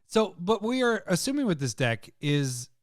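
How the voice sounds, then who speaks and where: A man's voice: high voice, sing-song, moderate pace, no room sound, clean studio sound. A man co-hosting a casual card-game chat, laughing often and trailing off mid-sentence. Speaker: podcast co-host.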